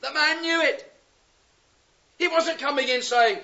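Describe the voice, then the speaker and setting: A man preaching a sermon, impassioned and pleading, swinging from loud urgent appeals to hushed words. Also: very high voice, measured pace, pauses often. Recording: dull lo-fi sound.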